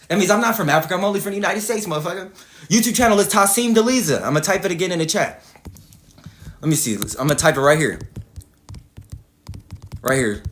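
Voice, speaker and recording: A man's voice: high-pitched, animated, fast, pauses often, a bit bright, roomy sound. A man from Atlanta, hosting a livestreamed rant in a profane, combative way and repeating himself. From Atlanta, Georgia, US. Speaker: livestream host.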